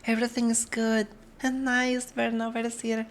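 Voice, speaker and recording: A woman's voice: on the high side, flat delivery, normal speed. A woman streamer, chatting casually with her viewers and greeting them one by one. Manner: chatty, greets viewers one by one, switches between English and Spanish.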